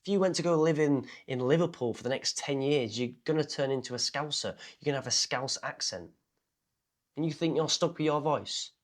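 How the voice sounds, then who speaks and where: A man's voice: a little high, brisk. A man, a speaking coach, talking straight to camera in a blunt, self-mocking way and swearing casually. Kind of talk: casual direct-to-camera talk.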